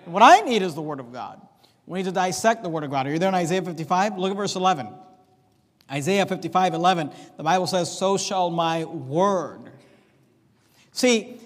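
A man's voice: high-pitched, animated, moderate pace, long reverb tail. A man preaching a sermon as pastor of his church, with an emphatic, repetitive cadence. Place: church sanctuary.

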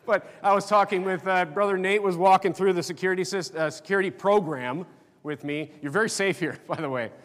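Middle-aged preacher in an echoing hall. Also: male voice, high-pitched, fairly bright tone. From North Dakota. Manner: conversational, halting with fillers and restarts. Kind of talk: sermon. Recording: long reverb of a church hall.

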